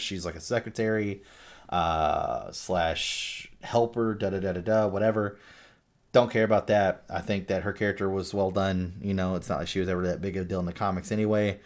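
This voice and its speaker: A man with a fairly low voice talks through a movie review in a loose, unscripted way. He rambles, swears casually and leans on fillers as he goes. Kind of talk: casual spoken film review.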